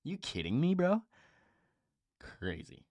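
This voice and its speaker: A man's voice: on the high side, wildly swooping pitch, slow, darkish tone, dry recording. A young man hosting a live stream in casual chat, blunt and profane, with lots of "bro" and "dude".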